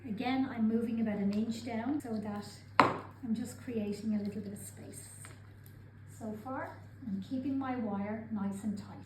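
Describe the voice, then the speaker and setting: A woman calmly talking through each step of a craft demonstration as she works with her hands. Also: a little high, slight background noise. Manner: calm, methodical, narrating her own actions. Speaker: craft instructor. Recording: roomy sound with clear background ambience.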